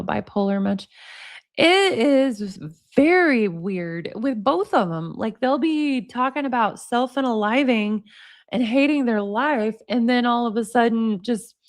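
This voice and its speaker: A woman in her forties, commentating casually as host, reading text messages aloud and reacting bluntly with plenty of laughter and swearing. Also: on the high side. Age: 40s.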